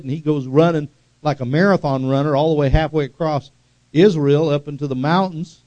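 A middle-aged male pastor preaching an animated sermon, swinging from loud calls to hushed asides. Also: on the high side, brisk, no echo. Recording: dull lo-fi sound.

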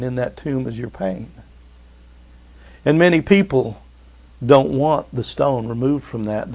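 A man preaching a sermon to his church, swinging from loud urging to hushed, tender lines. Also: mid-range voice, creaky. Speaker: pastor.

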